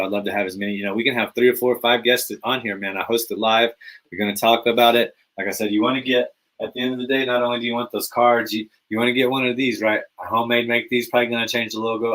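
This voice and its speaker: A man's voice: fairly low pitch, poor audio. Hyped-up casual man hosting a podcast. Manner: energetic, hype, repetitive "man" and "baby" fillers. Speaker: podcast host. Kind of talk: casual fantasy football podcast monologue.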